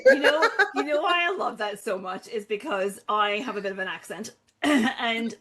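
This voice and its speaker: A woman hosting a podcast, chatting quickly and enthusiastically with a guest. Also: fairly high pitch, lively intonation, crowd noise. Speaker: podcast host. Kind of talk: casual interview chat.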